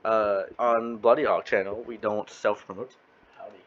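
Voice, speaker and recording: A man's voice: on the low side, little pitch movement, normal speed. Rambling man hosting a lo-fi podcast. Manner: rambling, chuckling, trails off mid-sentence. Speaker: podcast host. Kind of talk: casual podcast chat. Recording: slightly muffled lo-fi audio.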